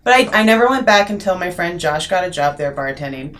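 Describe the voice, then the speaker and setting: A middle-aged woman with a somewhat low voice co-hosts a casual podcast. She rambles through long stories and swears freely. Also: lively intonation, fairly quick, fairly bright tone. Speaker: podcast co-host. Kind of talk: casual chat.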